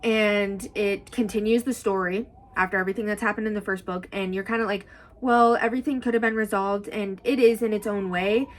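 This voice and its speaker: A woman's voice: medium pitch, steady tone, a little fast, rough recording. A young woman giving a casual, gushing book review outdoors, talking in a rambling way with many fillers. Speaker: book vlogger. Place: outdoors in strong wind. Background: wind noise.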